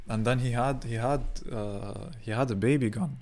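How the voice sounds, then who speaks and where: A man's voice: medium pitch, moderate pace, darkish tone. A young man venting in a rambling, profane casual monologue, full of fillers.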